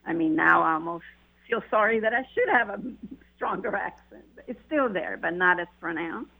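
A woman's voice: fairly low pitch, moderate pace, gravelly. Woman w/ a light accent, non-native english, tinny phone-line sound, earnest. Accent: light foreign accent. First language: not English. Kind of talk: casual chat.

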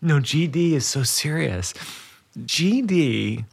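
A man's voice: fairly high pitch, animated, takes it slowly, vocal fry, slightly rough. A man hosting a podcast, chatting casually and reacting with short agreements and his own stories. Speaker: podcast host. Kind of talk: casual conversation.

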